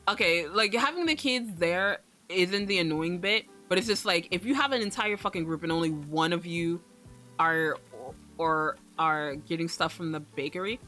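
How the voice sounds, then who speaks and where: A woman's voice: lowish voice, sharp tone. A young woman streaming, chatting casually in a rambling way, swearing freely and laughing often. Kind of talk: casual livestream chat.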